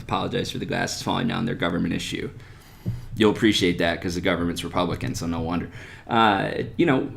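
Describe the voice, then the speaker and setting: Low gravelly man ranting on a podcast. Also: slight background noise. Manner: animated, sarcastic, pitch jumps on rhetorical questions. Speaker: podcast host. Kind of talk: opinion rant podcast. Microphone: desktop USB microphone.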